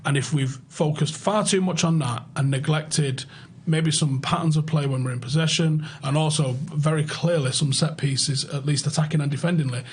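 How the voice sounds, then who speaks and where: A man's voice: fairly high pitch, fairly even intonation, moderate pace, a little hiss or hum. A young man hosting a casual podcast chat, blunt and swearing freely. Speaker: podcast host.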